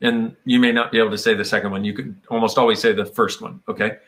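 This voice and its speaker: A fast-talking man with a lowish, steady, slightly bright voice chats casually about personal growth. He meanders reflectively through his thoughts and sometimes slips into playful voices for quotes.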